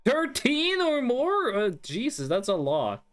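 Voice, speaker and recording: A streamer giving live game commentary, thinking aloud and swearing in an animated way. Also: mid-range voice, takes it slowly.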